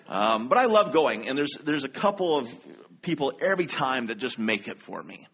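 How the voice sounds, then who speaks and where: A male pastor giving a conversational sermon, telling animated stories with many fillers and restarts. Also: mid-range voice, normal speed, slight background noise.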